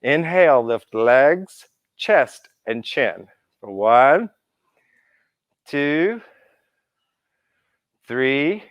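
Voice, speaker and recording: Man leading a guided yoga class, higher-pitched, animated, encouraging counting, dry close sound. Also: no echo, muffled recording. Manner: encouraging, counts through poses, playful asides. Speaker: yoga instructor. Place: indoor yoga class room.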